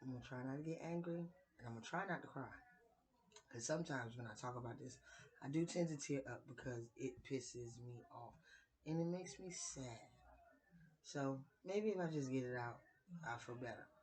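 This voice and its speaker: A woman in her late thirties sharing her opinions in a casual vlog, speaking in a deliberate, conversational way with playful dramatic asides. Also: a bass voice, darkish tone, poor audio. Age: 30s. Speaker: vlogger.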